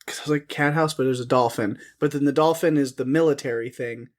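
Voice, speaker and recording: A man co-hosts a podcast, talking casually about a movie at a middling pitch. His delivery is wry and sarcastic, and he laughs often between his points. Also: quick pace. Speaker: podcast co-host. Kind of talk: casual chat reviewing a film.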